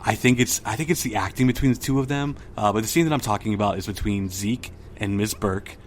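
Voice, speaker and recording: A man's voice: fairly low pitch, fast, slight background noise. A young adult man hosting a pop culture podcast, talking casually with frequent fillers and reading film dialogue aloud. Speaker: podcast host.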